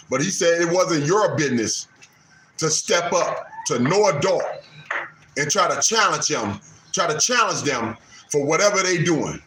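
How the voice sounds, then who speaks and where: A man nearing sixty talks on a live stream in a slightly high voice, repeating himself like a preacher. The room is echoey, with faint noise behind him. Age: 50s. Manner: preachy, repeats lines for emphasis, Southern American Black vernacular. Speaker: livestream host. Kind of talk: casual live commentary.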